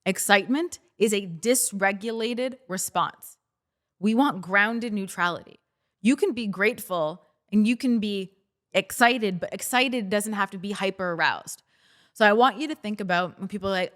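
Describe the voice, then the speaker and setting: A woman's voice: mid-range voice, moderate pace, a bit bright. Lady podcast host chatting through a mindset lesson, coachy and casual, does little voices of people freaking out. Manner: conversational, coaching, acts out listeners' reactions. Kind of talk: casual self-help talk.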